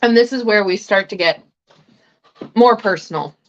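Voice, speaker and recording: A woman's voice: medium pitch, normal speed, dull audio, a little hiss or hum. A woman hosting a tarot livestream, chatting casually and swearing freely while she snacks between thoughts.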